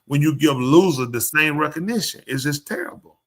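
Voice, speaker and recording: Bright-voiced, blunt male podcast host. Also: fairly high pitch, animated, brisk. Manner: blunt, opinionated ranting that addresses the room. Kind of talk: casual chat. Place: live show.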